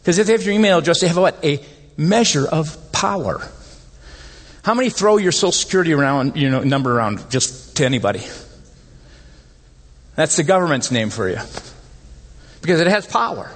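Husky male pastor preaching in a hall. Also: brisk, pauses often. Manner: animated, rises in pitch when making points. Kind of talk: sermon. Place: church sanctuary. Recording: long hall reverb.

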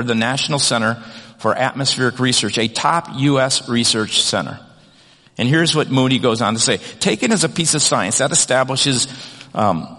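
A man's voice: medium pitch, a bit bright. Man preaching in a reverberant hall. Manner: conversational preaching with many restarts and "kind of". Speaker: pastor. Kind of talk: sermon.

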